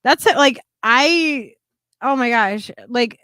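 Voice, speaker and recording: A woman co-hosting a casual chat, telling a story in a bubbly way with lots of laughter and lively quoting. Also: on the high side, slow pace, clean tone, no echo, studio quality. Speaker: podcast co-host.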